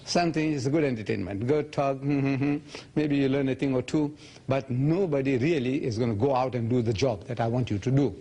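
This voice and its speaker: Seventies male lecturer, husky and lively, acts out quotes while answering questions. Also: mid-range voice, normal speed. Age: 70s. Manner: animated storytelling, quoting others in raised voice. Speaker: speaker answering audience questions. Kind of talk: public lecture Q&A.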